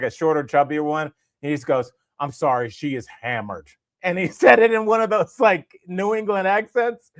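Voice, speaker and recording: A man in his forties co-hosts a comedy podcast, spinning a rambling, animated story packed with fillers. His voice sits fairly high, and the recording is clean studio sound with no echo.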